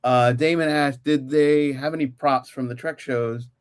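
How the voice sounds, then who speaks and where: A man's voice: mid-range voice, steady tone, measured pace, smooth. A man from Germany co-hosting a podcast, chatting enthusiastically and repeating catchphrases. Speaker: podcast co-host. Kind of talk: casual chat.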